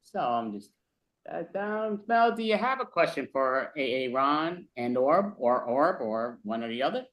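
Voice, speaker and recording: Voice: mid-range voice, expressive, a little slow, a bit bright. A host on a video call casually introducing guests and asking them questions. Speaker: show host.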